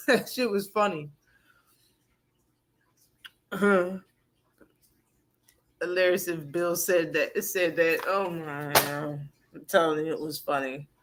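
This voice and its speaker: A woman's voice: sits low, slow, pauses often. A woman hosting a live boxing talk stream in casual, profane chat, laughing often and answering her chat.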